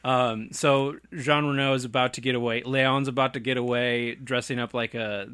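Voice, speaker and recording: A man in a casual movie chat, retelling scenes in an animated way and laughing often. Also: medium pitch, moderate pace, clear, resonant tone, no room sound.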